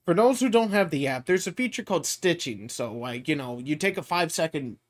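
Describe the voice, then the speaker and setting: A man's voice: fairly high pitch, expressive, fairly quick. A man hosting a podcast, chatting casually and laughing often. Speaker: podcast host. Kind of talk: casual chat.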